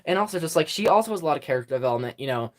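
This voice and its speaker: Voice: medium pitch, expressive, rapid-fire. A livestream host chatting casually with viewers into a phone, rambling with many fillers and frequent giggles.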